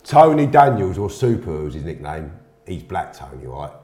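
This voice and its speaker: A man's voice: deep voice, big pitch swings, normal speed, mellow. Blunt, slangy man, roomy sound. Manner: blunt, slangy, swears freely. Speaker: interview guest. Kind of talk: storytelling in conversation. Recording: roomy echo.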